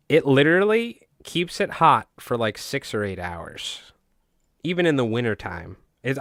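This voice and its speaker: A man's voice: medium pitch, a bit bright, no echo, clean studio sound. A young man with a Long Island accent chatting casually and jokingly on a live stream while tying flies, rambling with many fillers.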